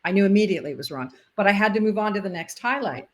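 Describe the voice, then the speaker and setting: An older woman who used to be a sportscaster and umpire tells stories at a racing pace in a casual interview. Her voice is medium-pitched, and she animatedly acts out the quoted dialogue.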